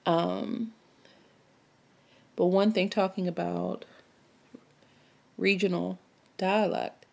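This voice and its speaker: A woman's voice: fairly low pitch, steady tone, very slow, vocal fry. A woman from Maryland chatting casually while she stitches, rambling and musing aloud with lots of self-questions. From Maryland, United States. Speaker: cross-stitch vlogger.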